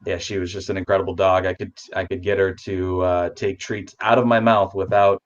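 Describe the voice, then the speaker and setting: A man talks affectionately about his pets as a guest on a relaxed video call, rambling and starting his sentences over. His voice is fairly low, level in tone and brisk, captured with dull, lo-fi sound.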